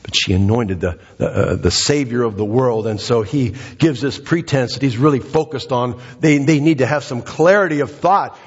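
Breathless preacher in an echoey hall. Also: male voice, expressive, normal speed, hardly any pauses, breathy edge, muffled recording. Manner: emphatic, repeats phrases, dramatic pitch swings. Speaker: pastor. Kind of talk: sermon. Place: church sanctuary.

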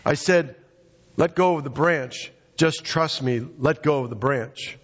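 A man voicing God as a calm, patient presence speaking from above. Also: a little high. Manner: calm, unhurried, reassuring. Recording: dull, echoey hall recording.

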